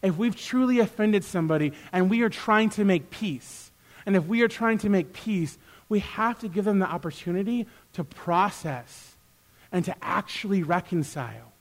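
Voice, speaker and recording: Man, high-pitched voice, sermon in church, animated delivery, acts out quoted exchanges. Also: moderate pace. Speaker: pastor; youth worker.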